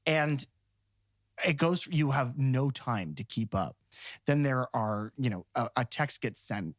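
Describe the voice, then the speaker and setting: A man co-hosting a podcast, talking about movies in an animated, rambling, enthusiastic way. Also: medium pitch, slow pace, dry recording, clean studio sound. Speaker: podcast co-host. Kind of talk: casual film discussion.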